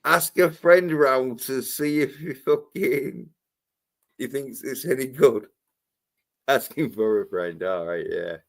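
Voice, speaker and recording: A man's voice: mid-range voice, takes it slowly, creaky. A man hosting a casual livestream panel chat, talking bluntly and mockingly and swearing constantly. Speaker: livestream host.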